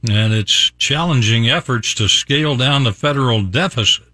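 A man's voice: medium pitch, moderate pace, sharp tone, no echo, studio quality. A man hosting a morning radio show in a friendly, conversational way.

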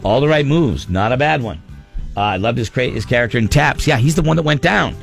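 Radio host, male, gravelly, lively pitch, opinionated banter. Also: brisk, soft background music. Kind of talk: casual radio talk.

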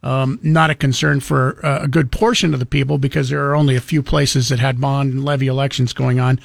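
A man's voice: medium pitch, level tone, a little fast, gravelly, no echo. A man hosting a casual radio talk show and telling stories. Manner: storytelling with quoted voices and chuckles.

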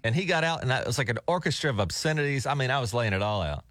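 A middle-aged man hosting a radio show, telling stories in an animated, casual way and laughing often. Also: mid-range voice, rapid-fire, dry recording, studio quality. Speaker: radio host. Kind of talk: casual on-air chat. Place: radio studio.

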